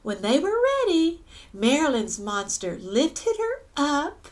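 A woman's voice: sits high, sing-song, slow. A woman reading a children's picture book aloud, adding gasps and little asides to her listeners. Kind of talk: read-aloud storytelling.

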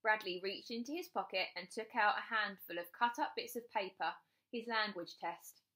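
Reading a children's chapter book aloud, a female teacher brings the story to life expressively. Her voice is mid-range and her speed normal.

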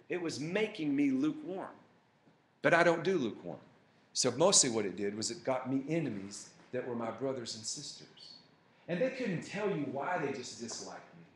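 A man's voice: a little high, fairly bright tone, echoey room. A man preaching a sermon with passion, telling personal stories to his congregation during a church service. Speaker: pastor.

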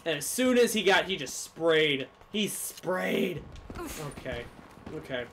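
A man giving live gameplay commentary as a gaming YouTuber, swinging from low muttering to sudden yelling. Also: sing-song, slow, noisy background.

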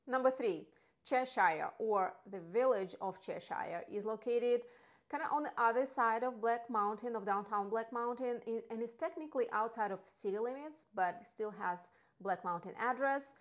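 A woman, not a native English speaker, talking as a real estate agent in a casual, enthusiastic video about local neighborhoods, with asides and restarts. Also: on the high side.

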